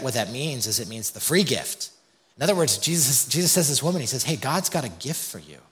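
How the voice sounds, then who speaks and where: A man's voice: mid-range voice, a bit bright. A man preaching a sermon in a conversational way, his voice rising for emphasis. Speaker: pastor.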